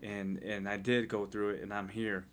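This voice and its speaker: A man's voice: lowish voice, flat delivery, normal speed. A man sharing an earnest personal testimony in casual podcast chat, often restarting his sentences. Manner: earnest, heartfelt storytelling with frequent restarts.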